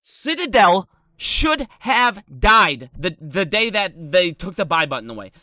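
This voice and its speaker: Angry cursing guy in his 30s, high voice, jumps all over the place, bright and dry. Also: big pitch swings, unhurried, no room sound. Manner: angry, profane, ranting. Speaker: streamer. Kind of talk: ranting live stream.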